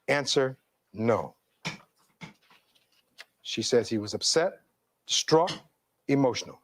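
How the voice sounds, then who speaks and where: Male defense attorney, middle-aged; oratorical courtroom delivery, reads testimony, average pitch. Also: sing-song, takes it slowly, long pauses, slight background noise. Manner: oratorical, reads testimony aloud, rhetorical questions. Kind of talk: courtroom closing argument.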